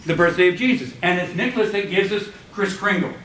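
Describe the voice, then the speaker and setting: A man's voice: high voice, fast, fairly bright tone, roomy sound, distant mic, rough recording. A man giving a classroom lecture, telling stories with many ums, restarts and false starts. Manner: rambling with frequent ums and restarts.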